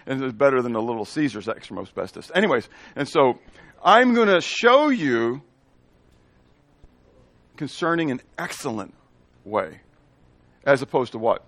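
A man's voice: mid-range voice, big pitch swings, normal speed, long pauses, fairly bright tone, no room sound. A male pastor preaching a sermon, often asking the congregation questions and answering them himself, with playful asides in made-up words.

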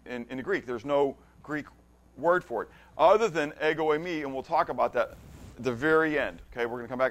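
A man leading an interactive Bible class. He reads scripture aloud with emphasis, often restarts or repeats words, and keeps checking that his listeners follow. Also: mid-range voice. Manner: conversational, stops often to check understanding. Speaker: Bible study teacher.

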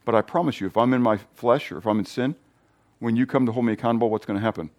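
Male pastor, mid-pitched voice, lively sermon delivery with playful asides and abrupt volume swings. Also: very fast. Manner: restarts and repeats words mid-thought.

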